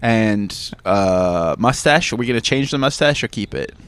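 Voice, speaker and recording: A man's voice: lowish voice, animated, moderate pace, a bit bright, clean tone, no room sound. A man co-hosting a podcast in casual chat, wry and rambling with jokey asides. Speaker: podcast co-host.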